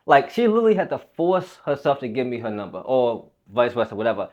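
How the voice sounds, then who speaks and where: A man's voice: medium pitch, very animated, quick pace, a little mellow, lo-fi sound. A young man and fitness coach telling a personal story in a loose, rambling, casual way, swearing freely.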